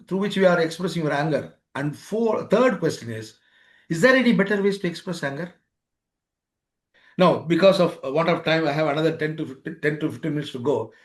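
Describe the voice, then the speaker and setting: Through a remote webinar microphone, a man with a high-ish, expressive voice lectures on life skills a little fast. He keeps repeating points and performs both roles in ordinary exchanges.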